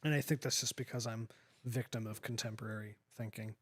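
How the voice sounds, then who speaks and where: A man co-hosting a podcast in casual chat, halting and correcting himself, laughing often. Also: medium pitch, steady tone, husky. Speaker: podcast co-host.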